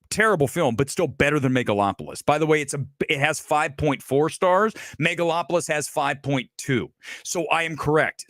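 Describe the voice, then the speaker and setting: A man's voice: on the high side, fairly bright tone, dry recording, studio quality. A man hosting a film review livestream, talking bluntly and emphatically with self-assured opinions. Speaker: film critic host.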